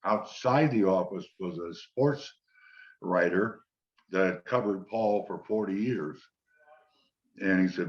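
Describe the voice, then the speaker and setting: An older man, a former football player, relaxed as he tells long anecdotes in an interview and quotes the people in them. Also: deep voice, takes it slowly, long pauses. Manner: relaxed anecdotal storytelling, quoting others. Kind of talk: storytelling interview. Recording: dull lo-fi sound.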